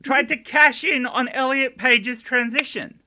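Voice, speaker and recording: A man with a bright, forceful voice hosts a loose online chat. He swears freely and breaks into laughter often. He sounds like he is on a video call. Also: very high-pitched, a little slow. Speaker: podcast host. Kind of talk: casual chat.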